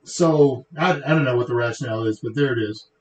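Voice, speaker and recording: A man's voice: medium pitch, a little fast. A middle-aged man with a Texan accent, hosting a tech show in a casual, rambling way full of joking asides. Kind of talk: casual livestream chat. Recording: echoey room.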